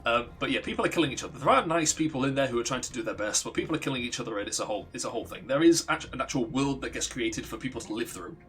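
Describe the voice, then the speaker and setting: A young man on a livestream casually tells a long backstory, his mid-pitched, slightly bright voice animated and racing with few pauses. He rambles, swears, and keeps interrupting himself to restart sentences.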